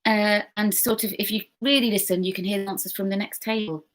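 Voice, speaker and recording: A woman hosting an online pub quiz, reading questions slowly and chatting and giggling with viewers in between. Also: medium pitch, fairly even intonation. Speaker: quiz host.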